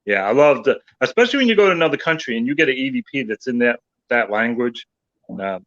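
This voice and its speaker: A male paranormal investigator telling animated anecdotes in casual chat. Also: mid-range voice, quick pace, dull audio. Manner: animated anecdote teller, voices others in quotes.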